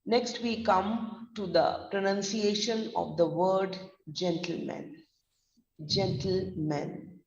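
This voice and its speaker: Slow Indian woman trainer, echoey. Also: mid-range voice, a little mellow. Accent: Indian English. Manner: slow deliberate spelling-out, mixing Hindi. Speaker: pronunciation trainer. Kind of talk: online vocabulary lesson. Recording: echoey distant lo-fi room mic.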